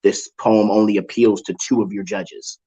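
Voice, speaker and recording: Man, slam judge, analytical, lecturing, very low pitch. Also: fairly even intonation, normal speed, warm tone, husky, lo-fi sound. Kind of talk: detailed live critique.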